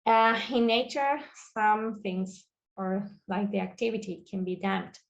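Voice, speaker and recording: Woman researcher, mid-pitched, halting delivery, muffled video call sound. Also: creaky. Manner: halting non-native phrasing with many fillers. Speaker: guest researcher. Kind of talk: presenting a lecture over video call.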